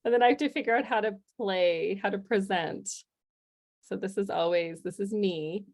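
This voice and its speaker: A woman's voice: mid-range voice, normal speed, a little mellow. A woman in her forties presenting an informal webinar over a video call, chatty and upbeat, often laughing. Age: 40s. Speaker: guest presenter.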